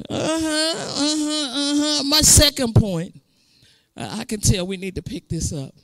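Woman pastor, emphatic sermon delivery with sung and shouted lines, close and dry sound. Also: sits high, lively intonation, takes it slowly, long pauses, dry recording. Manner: emphatic, call-and-response preaching; drifts into sung, shouted phrases.

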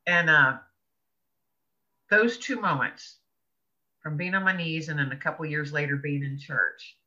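Woman guest, earnest expressive storyteller, very bright piercing voice, dull lo-fi recording. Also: low-pitched, measured pace. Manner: earnest, expressive storyteller who laughs between thoughts. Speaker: podcast guest, author. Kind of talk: personal storytelling in an interview. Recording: dull lo-fi audio.

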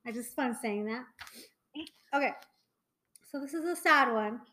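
A woman's voice: a little high, measured pace, pushed and bright, low-quality recording. A young woman co-hosting a podcast in a casual chat, rambling with lots of fillers and restarts. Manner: chatty, many fillers and trailing restarts. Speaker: podcast co-host.

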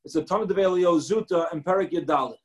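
High-voiced man telling a Torah story. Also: very fast, poor audio. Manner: animated storyteller, acts out quotes, mixes in Hebrew and Yiddish terms. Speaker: rabbi giving a Torah talk.

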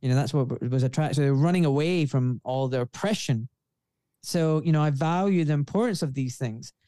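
A man's voice: a little high, a little fast, dark tone, clean tone, no echo. A man in his forties with a refined Scottish accent, a guest speaking earnestly and outspokenly in a casual interview. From Scotland. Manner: earnest, outspoken, frequent "you know". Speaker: guest, surgeon.

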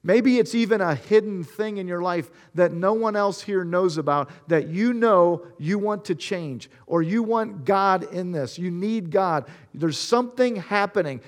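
A man preaching a sermon, retelling Bible stories and speaking earnestly to the listeners. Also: sits high. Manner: storytelling, acting out Bible scenes in quoted voices; earnest, addresses listeners directly. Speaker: pastor.

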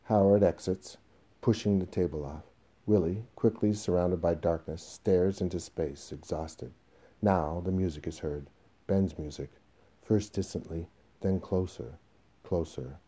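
Man, reading stage directions, very low voice, dark and husky. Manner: quiet, measured. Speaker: reader of a play.

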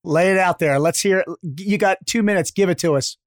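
A man co-hosting a podcast, talking with energetic, joking banter and pep-talk lines. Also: high voice, brisk, no room sound, studio quality. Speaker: podcast co-host, former Navy SEAL.

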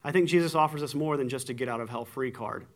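A man preaching a sermon, telling stories with animated swings in voice. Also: quick pace. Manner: animated storytelling, acts out shouting with big jumps in pitch. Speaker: pastor.

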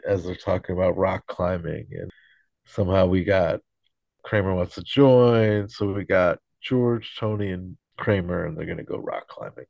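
Man recapping an episode, gravelly, low voice, dry dull lo-fi sound. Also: fairly even intonation, moderate pace, a little mellow, dry recording. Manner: rambling, casual, swearing. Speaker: podcast host.

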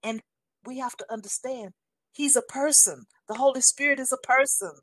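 A woman in her sixties sharing a faith testimony in a casual, animated and emphatic way, often calling the listener honey. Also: high voice, moderate pace, dry recording. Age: 60s.

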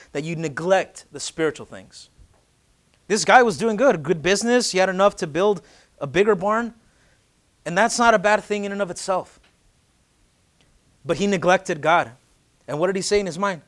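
A pastor in his late twenties preaching with a slightly high voice. He keeps it conversational and joking, then pushes into loud, urgent emphasis on key lines. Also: normal speed. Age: late 20s. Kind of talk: sermon.

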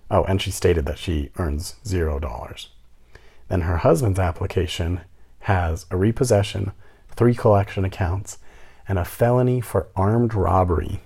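Telling a tenant story as a landlord, a young man mocks a rental applicant with plenty of sarcastic remarks in an informal rant. His voice sits low, slightly rough and a little mellow.

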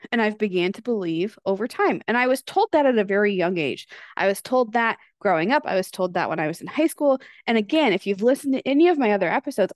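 A woman's voice: on the high side, no echo, clean studio sound. A woman in her thirties hosting her own podcast, talking candidly in a chatty confessional way and swearing freely. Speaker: podcast host. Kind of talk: casual confessional podcast monologue.

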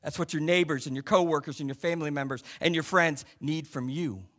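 A male pastor preaching a sermon, asking the congregation rhetorical questions and swinging between loud stressed points and quiet asides. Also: fairly high pitch, brisk.

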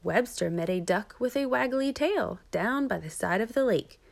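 A woman reading a children's picture book aloud as a storyteller, gentle and expressive. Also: a little high, normal speed, creaky.

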